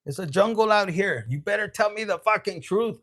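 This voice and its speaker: A man's voice: sits high, a little fast, fairly bright tone. A man voicing an angry, swaggering ex-partner who cusses and confronts. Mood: scornful. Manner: cussing, confrontational.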